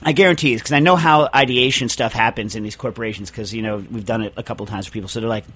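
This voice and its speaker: A man's voice: mid-range voice, rapid-fire, fairly bright tone, husky. A man hosting a podcast in casual chat, ranting in an exasperated way and restarting his sentences often. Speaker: podcast host.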